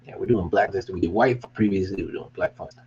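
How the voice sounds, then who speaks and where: A small business owner rambles casually in a behind-the-scenes vlog, showing off his merch. His voice is low and fast, and he's hyped, occasionally swearing and bursting into excited yelling. The audio is dull with background noise.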